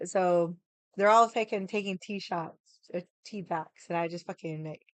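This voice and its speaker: A young woman hosting a casual livestream chat, talking in an animated way, laughing often and swearing casually. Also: fairly low pitch, a little slow, dry recording. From United States. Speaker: livestream host.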